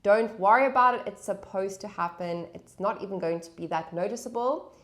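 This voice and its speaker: Acoustic guitar plays as a woman with a brisk, mid-range voice leads a lesson. She's patient, calling out the chords and counting each beat aloud over the strumming.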